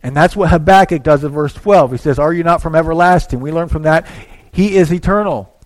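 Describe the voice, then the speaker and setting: A man preaching a sermon in a church, talking conversationally and acting out little asides as he swings between quiet and loud. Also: a little high, brisk. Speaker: pastor.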